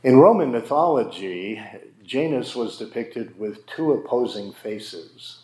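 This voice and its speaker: A man preaching a sermon as a pastor, slow and emphatic with dramatic pauses. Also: medium pitch, lively intonation, dark tone, reverberant.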